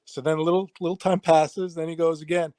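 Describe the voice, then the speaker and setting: A middle-aged martial arts instructor talks through an anecdote in relaxed interview chat. His voice sits a touch high and comes across close and dry. He slips into the voices of the people he quotes and laughs easily along the way. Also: fairly quick, dry recording. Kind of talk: casual interview conversation.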